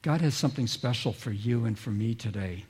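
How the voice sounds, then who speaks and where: A man's voice: mid-range voice, fairly quick, darkish tone, husky. A man preaching a sermon, telling stories and acting out quoted voices, drawing listeners in with questions. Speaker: pastor.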